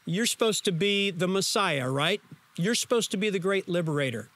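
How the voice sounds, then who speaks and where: A man's voice: high-pitched, expressive, normal speed, a bit bright, dry recording. A man voicing a sarcastic, snide male criminal dying on a cross, in a sermon retelling.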